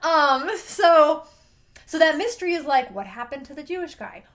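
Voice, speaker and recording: High-voiced woman gushing about books. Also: moderate pace. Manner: gushing, animated, playful exclamations. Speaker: book reviewer, host. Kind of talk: casual book review vlog.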